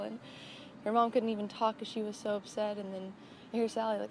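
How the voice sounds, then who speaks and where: A woman's voice: mid-range voice, level tone, fast talker, darkish tone. A woman in a documentary interview, emotionally retelling the day she learned her friend had died. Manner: emotional, breathless storytelling. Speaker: friend of the deceased. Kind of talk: documentary interview, recounting a loss. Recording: noisy interview recording.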